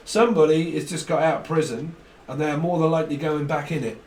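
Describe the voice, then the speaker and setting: A man's voice: on the high side, fast talker, a little mellow, far from the mic. A man giving a casual tarot reading, joking and riffing on wordplay and rhymes. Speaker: tarot reader. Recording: roomy with faint noise.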